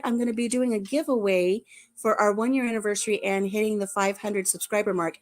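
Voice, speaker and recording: An older woman hosting a casual live-stream chat, chatty and laughing easily at herself. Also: medium pitch. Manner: chatty, laughing, self-deprecating. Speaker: vlog host.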